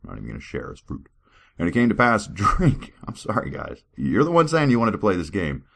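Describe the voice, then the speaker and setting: A man's voice: low-pitched, very animated, fairly quick, gravelly, fairly bright tone, a little hiss or hum. A man hosting a podcast, reading scripture aloud and mocking it with sarcastic asides, stumbling over archaic words. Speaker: podcast host.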